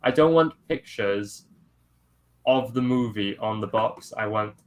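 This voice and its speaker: A man with a fairly low voice co-hosts a casual chat show. He talks in an eager, easygoing way, like a keen collector. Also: measured pace. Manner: enthusiastic, self-described toy nerd. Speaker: co-host.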